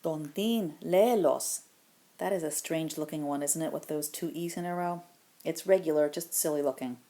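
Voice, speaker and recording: A woman teaching a grammar lesson, explaining patiently step by step and modeling example phrases slowly. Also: deep voice, mellow. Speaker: Spanish teacher.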